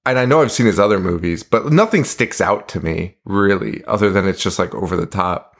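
A man co-hosting a podcast in casual chat, animated, laughing often and swearing. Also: low voice, fairly quick, gravelly. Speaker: podcast co-host.

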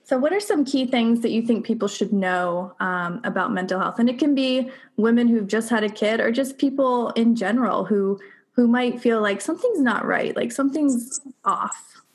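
A woman's voice: fairly high pitch, moderate pace. A woman hosting a podcast interview, affirming her guest and asking questions in a casual way full of fillers. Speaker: podcast host. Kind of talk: conversational interview.

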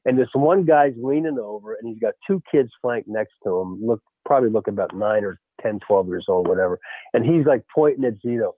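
A former baseball coach telling a lively story in a radio interview, peppering his talk with "you know" and "right?". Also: fairly low pitch, a little fast, no echo. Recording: tinny phone line.

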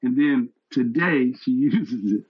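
Speaking slowly in a husky, mid-range voice, this man in his sixties is a retired fire captain sharing stories as an interview guest. He's an earnest, animated storyteller, and the recording has a lo-fi quality.

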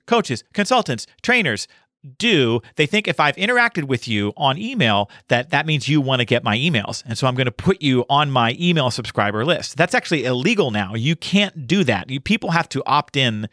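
Lively-voiced male podcast host. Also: medium pitch, no echo, clean studio sound. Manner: animated, uses analogies, quick asides. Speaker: podcast host, speaker and consultant. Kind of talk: casual podcast conversation.

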